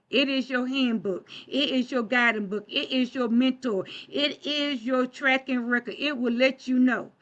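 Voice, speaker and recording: A woman's voice: high-pitched, sharp tone, lo-fi sound. A woman preaching a sermon in a church, talking in a plain, conversational way and asking the congregation questions.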